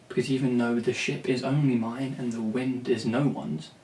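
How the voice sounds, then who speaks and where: At a measured pace, the vlogger speaks in a darkish mid-range voice with fairly even intonation. His rambling to-camera talk is blunt and full of swearing and restarts. The mic is distant, the room audible, with faint ambience and slight background noise.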